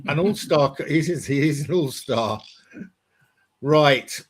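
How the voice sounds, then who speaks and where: A man's voice: fairly high pitch, expressive, slow, husky. A man hosting a casual comics show, upbeat and quizzing his guests. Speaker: host. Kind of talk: casual chat.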